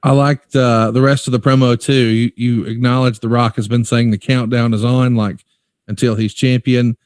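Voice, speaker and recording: A man hosting a relaxed interview, talking at a middle pitch and quoting old promo lines with amusement. The sound is dry and close, with no room echo. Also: normal speed. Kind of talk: conversational interview.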